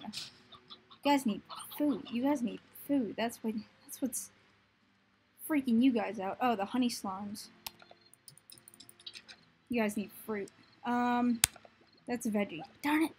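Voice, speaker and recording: A woman's voice: a little high, unhurried, pauses often, husky. A young woman giving casual gameplay commentary, often cooing baby talk at the creatures on screen. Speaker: gaming video host.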